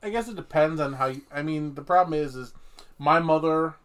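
Michigan guy co-hosting a podcast, swears a ton, gets loud and worked up. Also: fairly high pitch, brisk. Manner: swears a lot, animated outbursts. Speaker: podcast co-host. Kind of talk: casual chat.

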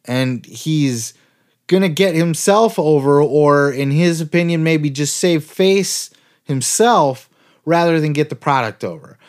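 Guy with a highish voice ranting on his podcast, sarcastic, swears nonstop. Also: unhurried. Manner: heated, sarcastic, swears constantly. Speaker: podcast host. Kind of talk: profane ranting podcast commentary.

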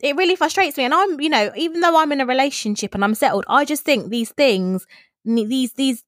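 A woman in casual chat with a fairly high voice, recorded dry and close. She reacts sympathetically and backs up her friend. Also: brisk, dry recording. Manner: sympathetic, supportive listener.

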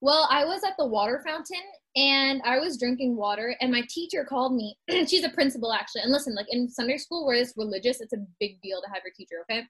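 A woman's voice: high voice, expressive, quick pace, hardly any pauses, fairly bright tone, slightly rough, rough recording. A young woman chatting over a video call, telling funny stories with giggles and animation. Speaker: student panelist. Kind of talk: casual chat, storytelling.

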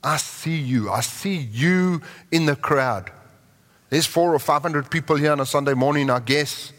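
A man's voice: a little high, a little slow. Preaching man in a big echoing hall. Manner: impassioned preaching, drops to soft prayerful tones. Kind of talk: sermon. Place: large church hall with congregation. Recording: long reverb of a large hall.

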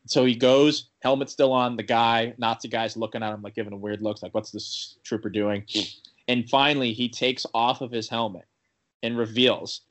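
A man's voice: mid-range voice, normal speed. A young man casually recapping a TV episode, rambling with many "like" fillers and acting out the characters' lines. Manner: rambling, full of "like" fillers and restarts; animated retelling with quoted character lines. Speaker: podcast co-host recapping a TV episode. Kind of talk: casual chat.

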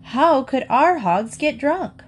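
A woman voicing Mamma, an excitable small-town mother who exclaims in a raised voice. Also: takes it slowly. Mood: protesting. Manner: high and exclaiming.

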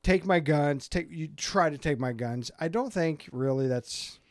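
A man co-hosting a casual podcast chat, telling animated stories and acting out voices. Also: fairly high pitch, a little slow, dry recording, clean studio sound. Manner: animated storyteller, acts out voices in anecdotes. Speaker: podcast co-host.

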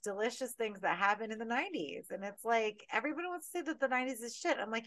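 A woman co-hosting a horror podcast in casual chat. She talks with animated energy and swears freely through her rants. The recording is dry and close. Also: a little high, quick pace, hardly any pauses, no room sound. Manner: animated, profane, ranting. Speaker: podcast co-host.

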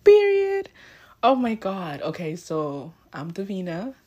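A young woman in her late teens tells a story on her own podcast, and her lowish voice has a husky, breathy edge. She rambles and corrects herself mid-sentence, checking in with the listener as she goes. It sounds like she is talking straight into a phone. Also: moderate pace, darkish tone, dull audio. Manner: rambling, self-correcting, frequent "you know what I mean". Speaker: podcast host. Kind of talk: casual storytelling monologue. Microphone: phone mic.

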